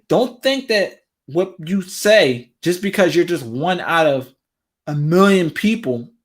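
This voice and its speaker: A man hosts a talk show and gives casual commentary straight to his viewers. He is animated and repeats phrases over and over for emphasis. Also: sits high. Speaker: relationship talk show host.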